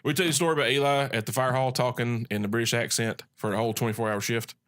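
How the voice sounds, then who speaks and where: A man's voice: medium pitch, steady tone, racing, a bit bright. A man hosting a casual chat, rambling and talkative. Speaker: podcast host.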